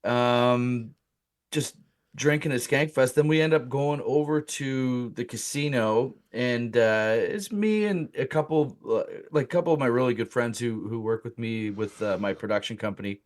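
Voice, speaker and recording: A male comedian guest telling a casual comic story, animated and laughing through it, with many fillers. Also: mid-range voice, normal speed.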